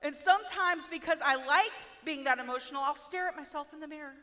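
A woman preaching a sermon in a playful, self-mocking, animated way. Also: high voice, fast talker, big-room sound.

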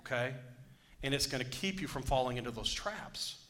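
A man's voice: mid-range voice, expressive, normal speed, a bit bright. A man preaching a sermon, joking with the congregation and asking for amens. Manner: joking, call-and-response preaching. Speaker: pastor.

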